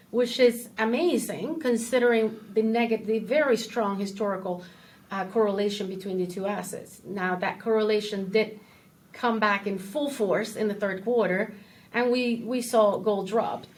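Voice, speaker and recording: A woman who is a portfolio manager, a guest in an interview, explaining things in a measured way. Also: medium pitch. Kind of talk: casual interview.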